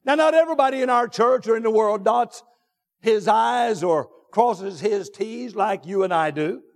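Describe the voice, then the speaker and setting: High-voiced preacher man in an echoing church. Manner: emphatic preaching, rising to shouts on key points; drawn-out deliberate phrasing with repetitions. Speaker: pastor. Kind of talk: sermon. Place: church sanctuary. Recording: long reverb of a large church hall.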